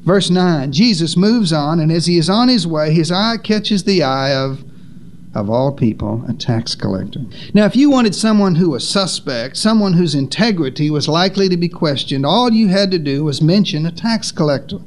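A man delivering a sermon in a fairly high voice. He leans on dramatic pauses and lets his pitch fall low to land each point. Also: lively intonation, a little hiss or hum. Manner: dramatic pauses, rises and drops in pitch for emphasis. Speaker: preacher.

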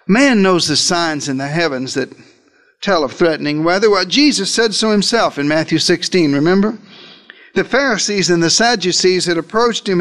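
A man preaching a dramatic sermon, telling the story in the first person with big swings in pitch and loudness.

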